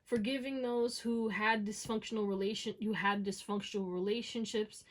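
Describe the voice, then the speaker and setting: A tarot reader gives a casual pick-a-card reading, speaking straight to viewers she calls "y'all" with slang, encouragement, and plenty of "okay?" and "you know what I'm saying?" Her mid-range voice is fairly even at normal speed.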